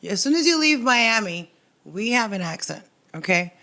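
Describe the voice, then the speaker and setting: A woman with a South Florida accent tells a story quickly and with energy, like a comedian on a podcast. She slips Spanish words into her English. Her voice sits at a middle pitch. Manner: fast, animated storytelling, mixing in Spanish. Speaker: comedian guest. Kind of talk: casual podcast chat.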